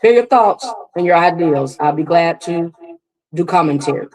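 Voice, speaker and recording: A woman's voice: on the low side, animated, moderate pace, darkish tone, rough recording. A woman hosting live reaction commentary, emphatic and repetitive, speaking straight to her viewers. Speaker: commentary host.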